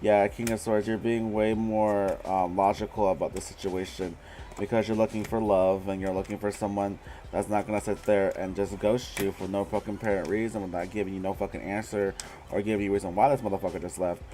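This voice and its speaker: A man's voice: lowish voice, level tone, fairly quick, warm tone, slight background noise. A man hosting a casual live tarot reading, blunt and profane, who laughs often as he talks.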